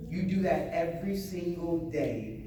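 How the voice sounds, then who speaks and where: A man giving a motivational seminar talk to a live audience, animated, repeating phrases and getting the crowd to answer back. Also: a little high, unhurried, a little hiss or hum. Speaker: motivational speaker. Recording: echoey hall, voice from a distance.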